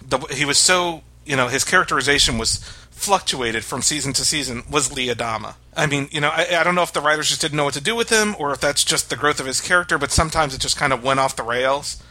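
A man's voice: on the high side, pushed and bright. A man co-hosting a podcast, talking casually in a rambling way with many restarts. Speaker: podcast co-host. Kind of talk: casual chat.

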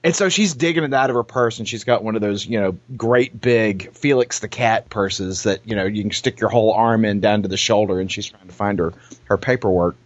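This podcast co-host has a lowish voice and talks fairly quickly, telling stories in a relaxed chat and animatedly acting out the voices of people he quotes. The recording is dry, with a dull lo-fi sound.

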